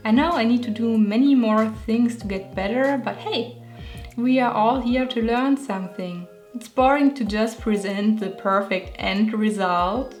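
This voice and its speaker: German woman with a German accent, young adult, self-mocking, higher voice, soft music behind. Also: unhurried. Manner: playful, self-mocking, laughs often. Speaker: illustrator and vlogger. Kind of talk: talking over a speed painting video.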